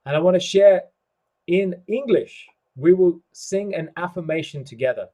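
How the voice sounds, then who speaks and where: A man hosting an online summit on a video call, speaking in a slow, measured way and quoting scripture. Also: high-pitched, mellow. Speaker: summit host. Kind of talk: reflective online talk. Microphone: home computer mic on a video call.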